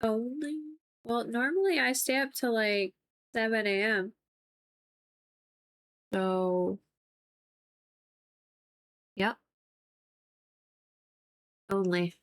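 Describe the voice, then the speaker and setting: A young adult woman streaming as she paints, chatting in a relaxed, rambling way with lots of "like". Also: a little high, drawn-out words, pauses often. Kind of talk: casual chat while painting on stream.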